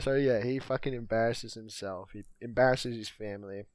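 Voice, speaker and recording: A man's voice: medium pitch, steady tone, a little fast, darkish tone, no room sound. A man co-hosting a podcast, casually recapping a movie and swearing freely. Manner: laid-back, swears often, acts out quotes. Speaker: podcast co-host.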